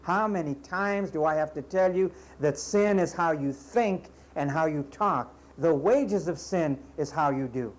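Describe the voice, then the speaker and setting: A man preaching with a high-pitched voice. He scolds his listeners emphatically, repeating himself for effect, and slips into sarcastic asides. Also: unhurried, hardly any pauses, low-quality recording. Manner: sarcastic asides and mocking impressions. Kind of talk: sermon.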